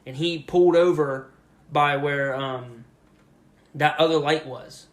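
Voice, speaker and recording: A young man co-hosting a podcast, telling a story casually and with lots of swearing, shouting out the lines he quotes. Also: on the high side, slow pace. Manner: profane, animated retelling with loud shouted quotes. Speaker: podcast co-host.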